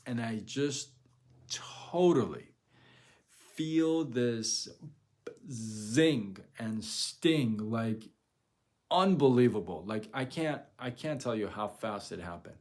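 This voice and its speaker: A man hosting his own live stream tells a story in a loose, rambling style, peppering it with ums and likes. His voice sits at a middling pitch with a gravelly rasp. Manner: rambling, filler-heavy, animated. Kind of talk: casual storytelling.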